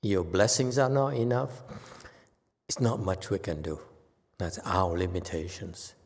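Low-voiced Buddhist master, long reverb. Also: male voice, measured pace. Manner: soothing, repetitive, chatty with fillers. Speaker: Buddhist master teaching online. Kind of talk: Dharma talk with Q&A.

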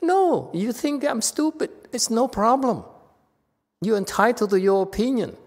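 This Chan master's voice is high-pitched and gravelly as he teaches students in a dharma talk. He's stern but teasing, chuckling at his own jokes, and the hall's long reverb hangs on every word.

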